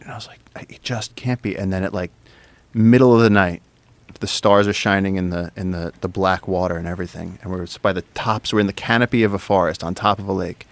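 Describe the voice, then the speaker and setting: A man guesting on a podcast, telling an adventure story in an excitable, rambling way, dropping to a whisper when he quotes people. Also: low-pitched, vocal fry. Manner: excitable, drops to whispers for quoted speech, lots of fillers. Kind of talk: animated storytelling in conversation. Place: podcast studio.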